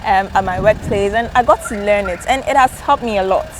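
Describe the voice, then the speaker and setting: Young ghanaian woman chatting in an outdoor interview, mid pitch, bit of street noise. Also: brisk. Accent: Ghanaian English. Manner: chatty, laughing, self-mocking. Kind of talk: casual interview chat.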